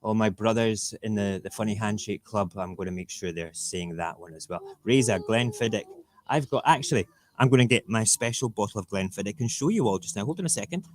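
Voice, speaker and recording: A man with a slightly low voice hosts an easygoing morning stream from his dinner table. He talks in animated bursts and repeats phrases, and he reads rhyming verse with obvious relish. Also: fairly quick. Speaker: livestream host. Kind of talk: casual morning livestream chat and poem reading. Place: home dinner table, TV cartoons in the background.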